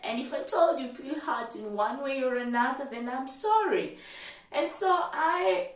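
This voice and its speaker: A young Kenyan woman with a fairly high voice tells a story from her life in a lively, animated way. She sits a bit back from the mic, and her voice rings in a roomy, echoey space. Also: a little slow, recorded from a distance. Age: 20s. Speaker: medical student vlogger. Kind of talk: storytelling vlog.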